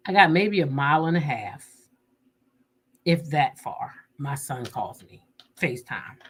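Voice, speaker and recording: A woman telling viewers a personal story in a casual, animated and emotional way. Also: low voice, a little slow, breathy edge. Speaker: vlogger.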